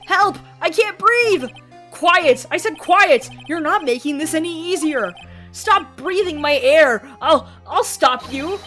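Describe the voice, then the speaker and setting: A woman voicing a panicked man trapped without air, who shouts frantically. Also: very high voice, lively intonation, takes it slowly, faint music behind, voice pushed up, heavily acted.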